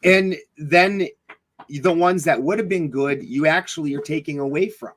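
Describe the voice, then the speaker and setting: A man's voice: fairly high pitch, moderate pace, fairly bright tone, low-quality recording. A middle-aged man telling a personal story in a casual interview, blunt and rambling, swearing freely, with many fillers and restarts. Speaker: podcast guest.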